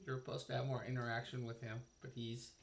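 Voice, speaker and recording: A man narrating a tabletop role-playing game as game master, halting and full of fillers. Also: medium pitch, level tone, creaky.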